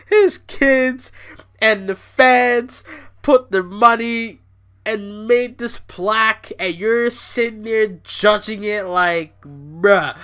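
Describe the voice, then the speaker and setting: A man hosting a podcast who rants in a loose, rambling way, swearing often and leaning on "you know." His voice sits high and sounds bright and sharp. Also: slow pace, clear, resonant tone. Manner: rambling, profane, excitable, fillers like "you know". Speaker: podcast host. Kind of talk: casual ranting commentary.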